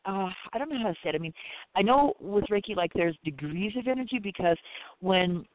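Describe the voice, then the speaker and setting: A man's voice: high voice, lively intonation, fairly quick, no echo. A man who practices Reiki, chatting casually in a rambling way, full of "you know" and "it's like". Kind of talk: casual chat. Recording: tinny phone line, dry.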